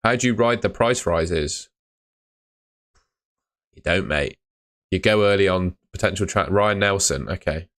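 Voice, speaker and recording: A man's voice: deep voice, unhurried, long pauses, fairly bright tone. A young man hosting a live fantasy football stream, chatting casually and answering comments. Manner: casual, chatty, uses mate and fillers.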